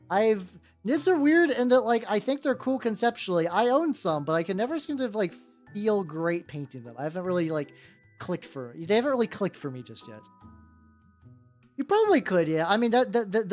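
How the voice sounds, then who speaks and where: A live streamer chatting casually while painting miniatures, rambling loosely, swearing freely and greeting viewers by name over and over. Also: mid-range voice. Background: faint background music.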